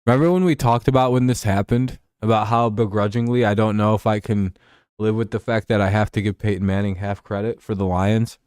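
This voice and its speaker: A man's voice: lowish voice, steady tone, fairly quick, darkish tone, clear, resonant tone, no echo, clean studio sound. A man hosting a casual football talk show, ranting and sarcastic with plenty of swearing. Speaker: host.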